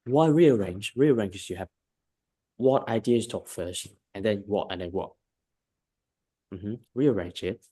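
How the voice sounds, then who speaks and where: Male English tutor, lower voice, emphatic and repetitive coaching, frequent check-ins. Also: unhurried, long pauses, mellow, husky. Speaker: English teacher. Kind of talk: one-on-one lesson feedback.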